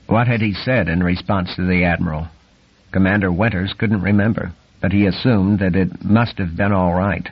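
A man reading a novel aloud as the narrator, telling the story at a steady, even pace. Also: low voice, normal speed, husky. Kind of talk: scripted audiobook narration. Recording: dull lo-fi recording.

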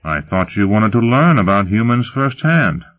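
A man voicing a brash, gloating pleasure-seeker with a low, lively voice, over a tinny phone-like line. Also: normal speed.

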